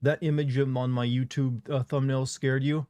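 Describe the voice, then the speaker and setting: Man, game streamer, rambling casual chat, dry close sound, mid pitch. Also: flat delivery, normal speed, mellow, no room sound. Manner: rambling, chatty, reads chat aloud.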